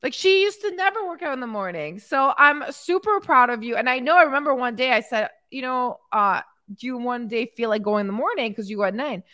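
A woman's voice: fairly high pitch, animated, fairly quick, pushed and bright, dry recording, clean studio sound. A woman fitness coach on a live stream, reading out her clients' wins, cheering them on and getting emotional. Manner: upbeat cheerleading, hyping people up; emotional, heart on her sleeve. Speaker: fitness coach and podcast host. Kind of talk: live stream chat, reading viewer comments. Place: home in Mexico.

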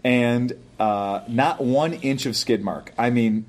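An older man chatting on a podcast, his voice pitched in an ordinary middle range. He tells a long story in a loose, rambling way and chuckles often. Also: takes it slowly, darkish tone. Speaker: podcast co-host. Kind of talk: casual chat.

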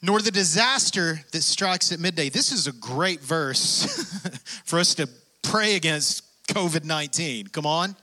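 A man's voice: on the high side, expressive, unhurried, sharp tone. A man preaching a sermon, reading scripture and urging listeners on with emphatic bursts. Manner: preaching with rising emphatic bursts, calls of "come on". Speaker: pastor.

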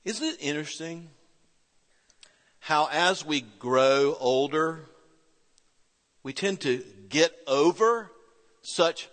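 Slow-speaking male pastor in a reverberant hall. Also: on the high side. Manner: warm storytelling with pauses and soft quoted voices. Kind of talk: sermon.

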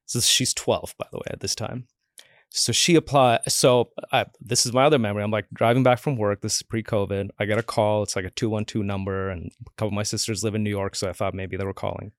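With a fairly low, steady voice, this podcast guest in his forties talks fast with hardly any pauses, spinning casual stories for the interview. He's chatty, imitates the people he quotes and fills his speech with "like." The recording is dry.

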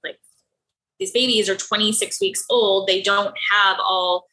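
Bright-voiced woman telling her story. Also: measured pace, poor audio. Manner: animated, acts out her own past dialogue with lively pitch jumps; candid, laughs often while telling. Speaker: podcast guest. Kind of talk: personal storytelling in an interview.

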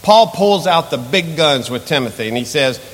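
A man's voice: a little high, expressive, moderate pace, long reverb tail. A male pastor preaching a sermon with impassioned, repetitive rhetorical questions, in a church sanctuary.

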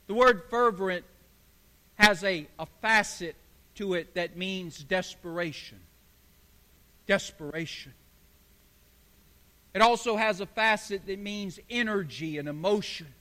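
A male pastor with a high, ringing voice preaches with emphasis, stacking repeated phrases. His sermon carries a long reverb from a large hall. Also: takes it slowly, long pauses, bright, forceful tone.

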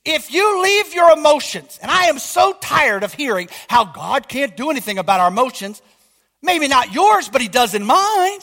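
High-voiced fiery preacher in a hall. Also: male voice, big pitch swings, moderate pace, fairly bright tone. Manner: emphatic, fiery, questions the congregation often. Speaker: pastor. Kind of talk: sermon. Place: church. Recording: long hall reverb.

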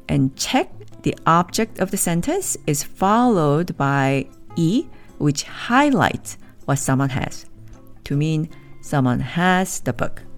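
A woman teaching a language lesson, explaining grammar in measured, clear scripted narration and repeating example sentences slowly. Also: sits low.

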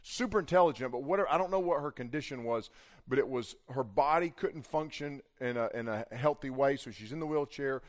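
A young man preaching, telling a comic, animated story with big swings in volume. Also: medium pitch, brisk. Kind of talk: storytelling sermon.

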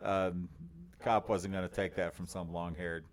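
A man with a baritone voice co-hosts a casual podcast. He tells his story slowly and in a low register. He rambles and fills his pauses as he goes. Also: flat delivery. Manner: slow, rambling storytelling with many fillers. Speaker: podcast co-host. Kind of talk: casual chat.

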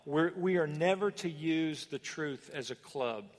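A man preaching a sermon as pastor, animated and emphatic, with sudden rises and pauses. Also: a little high, in a large hall.

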